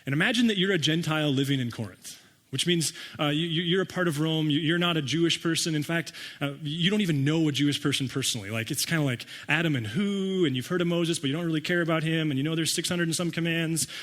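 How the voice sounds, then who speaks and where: Man, pastor, conversational sermon, wry acted-out asides, slightly high voice, reverberant hall. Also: quick pace. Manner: conversational and animated, acts out listeners' reactions with wry humor. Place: church sanctuary.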